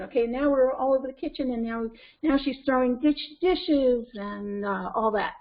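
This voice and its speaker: A woman parenting coach with a North American accent teaching a webinar in an animated way, acting out scenes. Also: fairly high pitch, moderate pace, hardly any pauses. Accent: North American English. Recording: lo-fi conference call audio.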